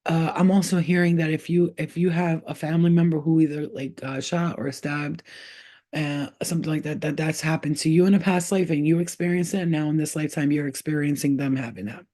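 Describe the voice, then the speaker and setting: Blunt, profane woman with a mellow voice. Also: deep voice, steady tone, fairly quick. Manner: blunt and profane, streetwise slang, chatty; breaks off to scold her cat. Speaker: spiritual healer and livestream host. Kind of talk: casual livestream chat.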